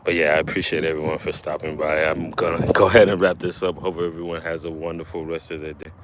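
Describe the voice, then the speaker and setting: A man's voice: very deep voice, flat delivery, fast. A man chatting casually on a livestream beside his kayak, rambling and correcting himself, a little winded. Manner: rambling, self-correcting, laughs often. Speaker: livestream host. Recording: faint background noise.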